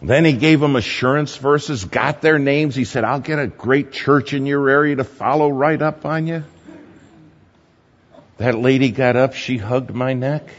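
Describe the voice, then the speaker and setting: A man preaching a sermon, telling a story animatedly, shifting between loud and hushed. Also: medium pitch, a little slow. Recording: muffled hall recording with long reverb.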